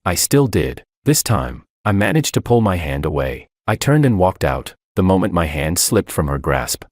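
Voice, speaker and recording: Deep guy narrating a romance story, very lively pitch, dry close mic. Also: moderate pace, dry recording. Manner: dramatic first-person storytelling. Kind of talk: scripted narration.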